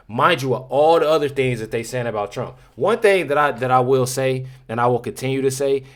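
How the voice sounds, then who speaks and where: A man giving casual reaction commentary to his viewers, talking emphatically and repeating himself, often addressing them as y'all. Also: medium pitch. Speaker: YouTube commentator.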